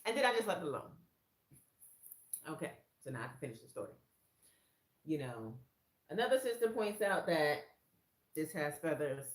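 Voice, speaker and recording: A woman sharing a faith testimony from her room in casual, excited storytelling. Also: normal speed, pauses often, echoey room. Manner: excited storyteller who acts out quoted lines in a much higher voice. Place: her own room, indoors.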